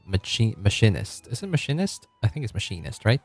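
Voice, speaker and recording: A man's voice: fairly low pitch, very animated, a little fast, faint music behind. A man in his late twenties, a streamer chatting casually and rambling while he plays, laughing often. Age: 20s. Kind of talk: casual live-stream chat while gaming.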